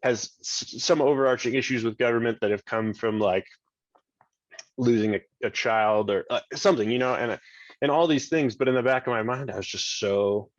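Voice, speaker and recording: A man's voice: medium pitch, normal speed, dry recording. A man telling a story as a podcast guest in a rambling, casual way, full of "like" fillers and restarts. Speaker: podcast guest, state government chief of staff. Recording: dull lo-fi dry sound.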